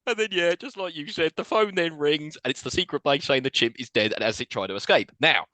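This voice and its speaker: A man's voice: on the high side, a little fast, pushed and bright, dry recording. A man co-hosting a podcast, recapping a film plot in casual chat and laughing often. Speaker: podcast co-host.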